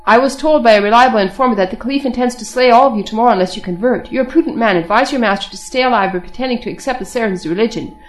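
Brief: woman reader doing male traitor, sly, hushed, coaxing, quick delivery. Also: a little high, faint music behind, natural voice. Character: sly male apostate traitor, whispering persuasion.

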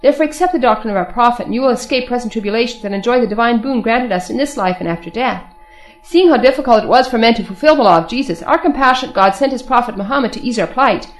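A woman's voice: a little high, animated, quick pace, faint music behind, lightly acted. A woman reading the lines of a group of proud men preaching to captives, insistent and full of rhetorical questions.

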